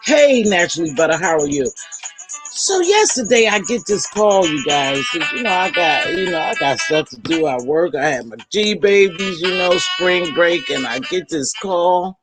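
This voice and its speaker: A woman's voice: fairly low pitch, lively intonation, moderate pace, over music. An older woman giving blunt, exasperated live commentary to her viewers. She uses casual slang and repeats words for emphasis. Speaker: online commentator.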